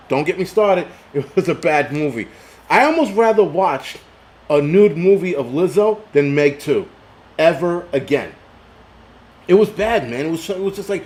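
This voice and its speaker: A man's voice: fairly high pitch, sing-song, moderate pace, a little mellow, slight background noise. A middle-aged man hosting a live stream, ranting profanely and reading chat comments aloud, a little tipsy from liquor. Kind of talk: casual live stream rant.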